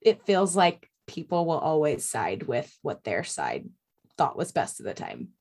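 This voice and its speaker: A woman co-hosting a podcast discussion, reflective and conciliatory, with soft laughs. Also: sits low, wildly swooping pitch, unhurried. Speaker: podcast co-host. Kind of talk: casual discussion.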